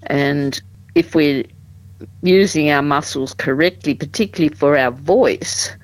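Measured woman explaining calmly. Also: low voice, low-quality recording. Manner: measured, explanatory, with frequent ums and restarts. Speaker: support group representative. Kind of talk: radio interview.

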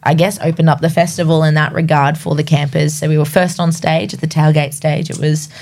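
A woman, a country singer guesting on a radio interview, bubbly and quick to laugh. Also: deep voice, flat delivery, a little mellow.

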